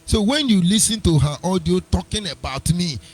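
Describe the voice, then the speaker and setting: A man hosts a live radio talk show in a rather high, husky voice. He argues combatively and mocks his opponents with sing-song asides. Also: animated, moderate pace. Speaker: radio host. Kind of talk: live internet radio commentary.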